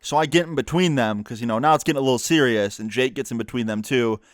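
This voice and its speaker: A young man, a YouTuber, telling a personal story casually, profane and animated, with lots of quoted dialogue. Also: mid-range voice, fast, no echo, clean studio sound.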